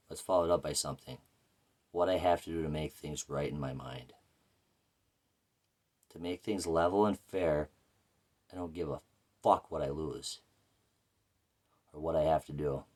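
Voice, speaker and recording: A man telling a rambling, profane story about his life in a casual, blunt way. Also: a bass voice. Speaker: vlogger.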